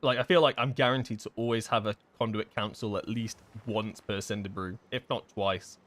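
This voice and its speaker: A man's voice: on the low side, normal speed. Man streaming a game, thinking aloud. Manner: casual, thinking aloud with many fillers and restarts; answers chat questions, relaxed and offhand. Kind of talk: live-streamed gameplay chat.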